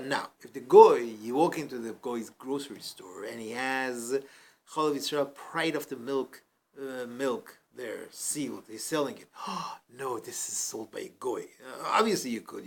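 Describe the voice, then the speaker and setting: A man teaching a Torah class as a rabbi in a community study hall, chatty and animated as he tells a story. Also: medium pitch, vocal fry, slight background noise. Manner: animated, conversational, chatty asides.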